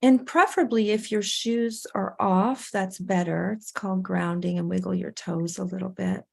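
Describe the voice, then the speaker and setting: A woman's voice: mid-range voice, steady tone, moderate pace, gravelly. A woman coach leading a participant through a guided breathing and grounding exercise on a video call, soothing and encouraging.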